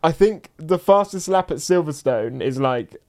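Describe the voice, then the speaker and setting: A man co-hosting a podcast, playing a casual quiz game and shouting out when he gets one right. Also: on the high side. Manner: excitable, quick to shout when he wins. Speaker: podcast co-host.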